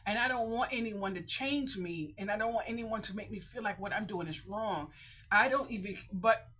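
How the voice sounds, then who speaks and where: Older woman vlogger, bright, forceful and emotional, talks in repeating rambles. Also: mid-range voice, moderate pace, slightly rough. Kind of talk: casual talking-to-camera vlog. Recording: muffled lo-fi home recording.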